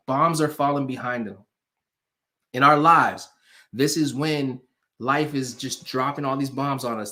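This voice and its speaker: Speaking at medium pitch, a man delivers an animated motivational talk to viewers watching live online. His style is preacher-like, leaning on repeated phrases for emphasis and urging the audience to leave hearts and comments.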